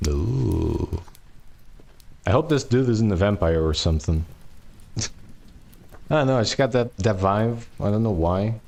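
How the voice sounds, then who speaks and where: A man's voice: fairly low pitch, expressive, normal speed, long pauses, darkish tone. A man casually reading a novel aloud on a live stream, tripping over long words and tossing in jokey asides.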